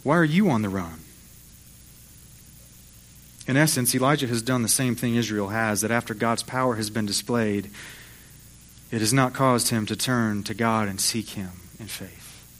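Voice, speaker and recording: Pastor preaching a lively story-driven sermon. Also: male voice, on the low side, normal speed. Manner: storytelling, acts out voices of biblical figures.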